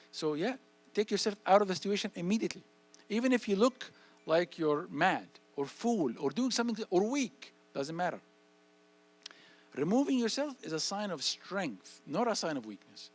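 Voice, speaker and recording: Animated male speaker. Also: high-pitched. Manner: animated, acts out dialogue, repeats phrases. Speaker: guest speaker. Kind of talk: parenting talk answering audience questions. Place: church hall.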